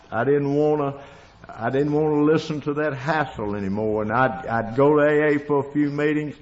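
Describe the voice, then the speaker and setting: A man with a Tennessee Southern accent telling his recovery story in a plainspoken, folksy way. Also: on the high side. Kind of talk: storytelling testimony. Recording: dull lo-fi recording in a reverberant hall.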